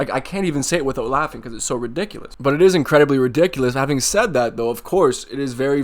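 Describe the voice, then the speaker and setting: Male YouTube MMA host, mid-pitched, sarcastic and profane rant. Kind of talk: casual commentary rant.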